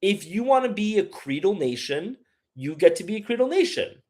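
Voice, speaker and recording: A man's voice: high voice, big pitch swings, normal speed, darkish tone. A man hosting a casual live stream, rambling and opinionated as he reads chat aloud and answers it. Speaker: livestream host.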